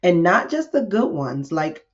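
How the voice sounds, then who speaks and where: A woman's voice: fairly low pitch, unhurried, muffled recording. A woman hosting a diary-style podcast, telling a personal story candidly and acting out what she and others said. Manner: candid, expressive storytelling with acted-out quotes. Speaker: podcast host.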